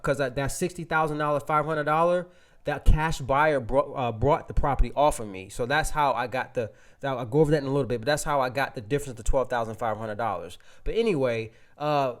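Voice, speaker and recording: A man presenting a real estate webinar, telling a casual, animated story full of restarts and fillers to his audience. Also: medium pitch, brisk.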